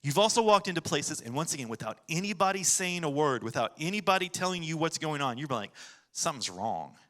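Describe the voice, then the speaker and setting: A man's voice: fairly high pitch, lively intonation, fast, sharp tone. A man preaching a sermon as pastor, with an American accent, telling the story casually and acting out voices.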